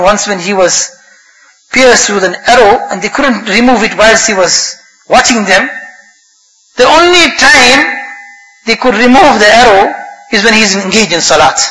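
A man preaching a sermon with passion, his voice rising and falling, reciting Arabic phrases quickly between English explanations. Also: sits high, pushed and bright. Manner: impassioned, rises and falls, recites Arabic quickly. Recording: long hall reverb.

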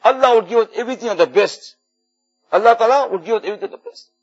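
A man's voice: very high-pitched, racing, breathy edge. A man preaching a sermon in earnest, repeating key phrases for emphasis. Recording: dull lo-fi recording with faint music.

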